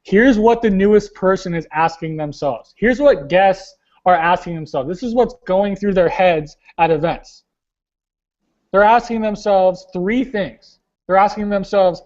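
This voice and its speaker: Blunt high-voiced young man coaching. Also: unhurried, darkish tone, muffled recording. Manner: blunt, casual, slangy, keeps saying "guys". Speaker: team leader hosting a weekly call. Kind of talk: motivational coaching talk. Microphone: webinar call.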